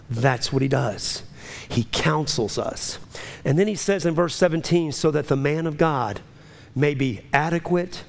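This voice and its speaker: A man preaching a sermon as pastor, building with repeated phrases and rising fervor. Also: creaky. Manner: impassioned preaching with swelling pitch and repetition.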